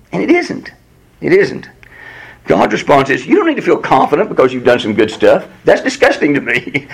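A man leads a Bible study in a casual, talkative way. His voice is gravelly and a bit husky. He swings widely in pitch and often leaps up high to act out God's answers. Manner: animated, jumps to a high voice when quoting God. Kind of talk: Bible teaching with class discussion.

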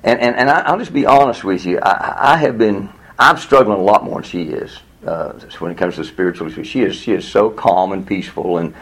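An older man teaching a Sunday school class in an earnest, candid way, full of restarts and sudden high-pitched exasperation. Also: a little fast, fairly bright tone. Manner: earnest, candid, many restarts, rising to high exasperated voices when quoting himself.

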